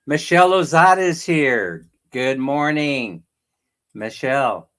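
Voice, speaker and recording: Here a middle-aged Californian man talks slowly and expressively, with a medium pitch and a fairly bright tone. Hosting a casual livestream in his Californian accent, he rambles, laughs, and greets the people watching by name.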